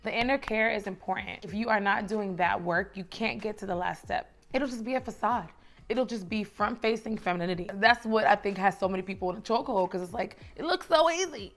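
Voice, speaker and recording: Chatty young woman from the Bronx. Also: on the high side. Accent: New York. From the Bronx, New York. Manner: chatty, emphatic, repeats phrases for rhythm. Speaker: lifestyle vlogger. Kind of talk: casual advice monologue.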